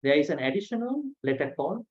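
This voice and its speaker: A man teaching a language lesson online, saying each sound slowly and patiently, with frequent pauses. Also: a little high, sing-song, darkish tone, breathy edge. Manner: slow, patient, pronounces sounds one by one with many "uh" pauses. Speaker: Pali teacher. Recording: dull lo-fi audio.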